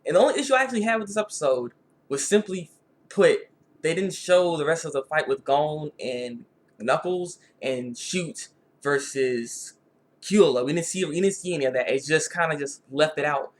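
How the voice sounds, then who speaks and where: A man with a slightly high voice talks through a casual video review. He rambles, repeats himself and restarts his sentences often. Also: animated, moderate pace. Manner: rambling, repetitive, frequent restarts.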